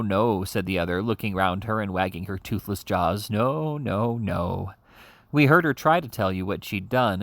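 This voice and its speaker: A man's voice: lowish voice, gravelly, a bit bright, dry recording. A man reading a classic novel aloud as an audiobook reader, giving the characters' lines a livelier delivery than the narration.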